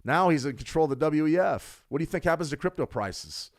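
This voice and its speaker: Speaking fast with a voice on the high side, this trading livestream host gives lively market commentary. He answers viewers' chat and repeats key phrases to drive his points home.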